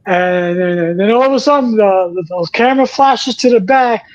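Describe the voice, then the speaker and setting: A man's voice: high-pitched, normal speed, highs cut off. A man hosting a casual chat, telling stories in a rambling way with many restarts. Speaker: podcast host.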